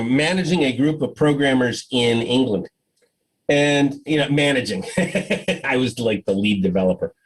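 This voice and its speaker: A man's voice: medium pitch, husky, low-quality recording. A man giving a conference talk by video call, telling stories and acting out dialogue with frequent laughs. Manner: animated storyteller, acts out dialogue, laughs often. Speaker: conference speaker.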